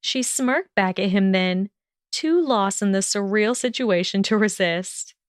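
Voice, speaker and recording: A woman narrating a fan-fiction audiobook for her podcast with steady storytelling delivery. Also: medium pitch, measured pace, clear, resonant tone, no room sound, clean studio sound.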